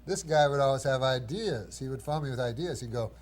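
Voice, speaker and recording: A man's voice: medium pitch, darkish tone. Dry, rambling man telling a long story. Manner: dry, halting delivery with chuckles and mimicked voices. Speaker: guest comedian.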